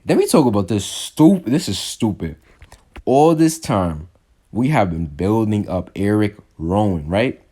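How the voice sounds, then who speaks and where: A young man casually reviewing a wrestling show, rambling with lots of fillers and restarts, and jumping up in pitch when he gets exasperated. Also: mellow. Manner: jumps high when exasperated. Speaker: wrestling podcast host.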